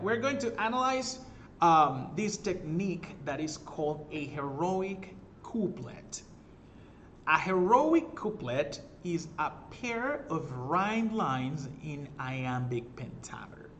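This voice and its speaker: A man's voice: fairly high pitch, fairly bright tone, a little hiss or hum. A man teaching a recorded literature lesson, explaining step by step, often checking in with "all right?" and correcting himself as he goes. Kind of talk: recorded class lecture.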